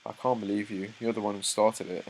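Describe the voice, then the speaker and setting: A young man reading a comic chapter aloud, breaking off into excited asides and stumbling over words. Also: on the low side, fairly quick, slight background noise, low-quality recording. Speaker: manga reaction host. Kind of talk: live reaction read-through.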